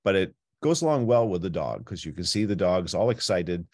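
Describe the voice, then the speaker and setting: A man presenting a night sky tour, teaching in a chatty, playful way with frequent jumps in pitch. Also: sing-song, fairly quick, a little mellow, no room sound, studio quality. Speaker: planetarium presenter. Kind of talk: informal astronomy talk.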